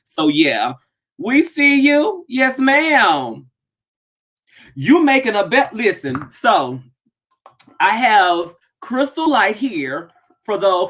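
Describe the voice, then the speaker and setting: Woman chatting on a live stream from her home office, voice bouncing all over, calling out to viewers. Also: lowish voice. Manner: animated, greets viewers by name, bursts into excited shouts. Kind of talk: casual chat.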